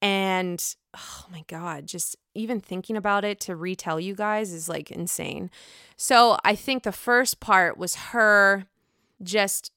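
A woman's voice: mid-range voice, unhurried, bright, forceful tone, dry recording, clean studio sound. A woman casually recapping a reality show episode, chatty, sassy and freely swearing. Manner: sassy, profane, chatty commentary.

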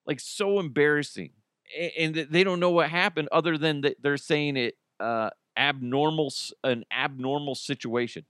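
A man's voice: a little high, fairly bright tone, dry recording, studio quality. Rambling, jokey man hosting a podcast. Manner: rambling, jokey, swears freely, laughs at his own jokes. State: slightly sick. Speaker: podcast host. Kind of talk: casual solo news commentary podcast.

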